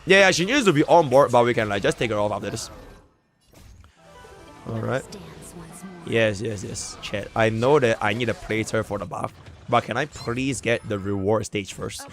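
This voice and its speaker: A man's voice: lowish voice, moderate pace, long pauses, faint music behind. A young man with a Singaporean English accent doing casual, slangy, profane live commentary while playing a game and talking to his chat. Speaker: streamer.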